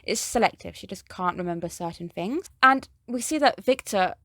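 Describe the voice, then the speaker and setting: A woman's voice: medium pitch, lively intonation, normal speed, fairly bright tone, no room sound, studio quality. A young woman chatting casually as she reviews an anime, gushing and speaking straight to her viewers.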